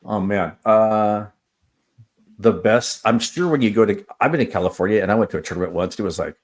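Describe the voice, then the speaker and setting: A man with a lowish voice, an assistant wrestling coach chatting in an interview. He tells stories with lots of "um" and "like" and acts out what people said. His delivery is loose and conversational. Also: fairly quick. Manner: storytelling, acts out quoted exchanges, many fillers. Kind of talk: casual interview talk.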